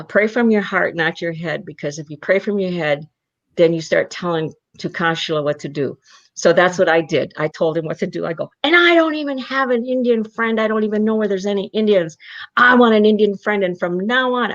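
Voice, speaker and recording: A woman speaks in a fairly low voice, emotional and animated as she recounts her past and acts out what she once said. She is an interview guest on a video call, and the audio is dull and lo-fi. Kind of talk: personal storytelling in a live online interview.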